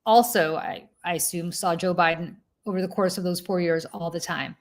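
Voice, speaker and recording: A woman's voice: fairly low pitch, fairly even intonation, moderate pace. Pointed woman co-host arguing. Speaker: talk show co-host. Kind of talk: live political talk show discussion.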